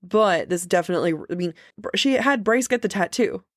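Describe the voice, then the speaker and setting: A woman's voice: mid-range voice, expressive, fairly quick, dry recording, clean studio sound. A woman co-hosting a book podcast in casual chat, with jokey, self-deprecating asides.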